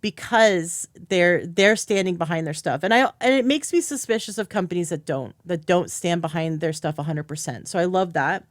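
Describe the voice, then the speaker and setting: A woman's voice: on the low side, normal speed, few pauses, dry recording, clean studio sound. A woman hosting a podcast as a health coach, talking in an enthusiastic, chatty way. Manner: enthusiastic, chatty, acts out quoted speech. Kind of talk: casual interview chat.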